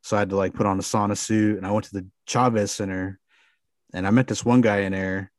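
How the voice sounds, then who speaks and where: A man with a fairly low voice tells a long story in casual talk, stringing it together with fillers and loose cursing. The sound is dry and close, with no room around it. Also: fairly even intonation, brisk, dry recording. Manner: rambling, filler-heavy with frequent swearing. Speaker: podcast guest.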